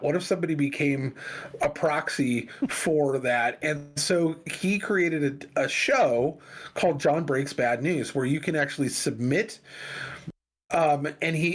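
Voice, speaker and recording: A man co-hosting a casual podcast chat, telling a long story animatedly and acting out quoted phone calls. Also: fairly high pitch. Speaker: podcast co-host.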